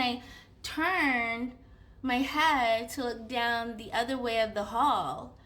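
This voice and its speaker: A young woman casually telling a personal story, animated, with many fillers and acted-out inner dialogue. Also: fairly high pitch, slow. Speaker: vlogger.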